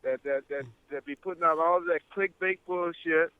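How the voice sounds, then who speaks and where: A man's voice: fairly high pitch, steady tone, moderate pace, clear, resonant tone, no room sound, phone-quality sound. A man in a casual livestream chat, trading blunt and profane put-downs.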